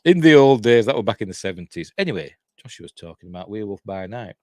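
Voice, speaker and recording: A man's voice: on the low side, sing-song, quick pace, a little mellow, dry recording. A Yorkshire man in his fifties recapping a horror film in a casual, digressive way, with chuckling asides. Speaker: film reviewer.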